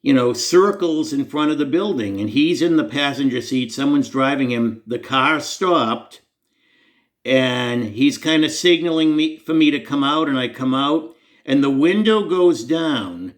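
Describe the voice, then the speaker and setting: A man's voice: mid-range voice, measured pace. A man telling a personal faith story to the camera in an earnest, conversational, self-deprecating way. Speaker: Christian storyteller.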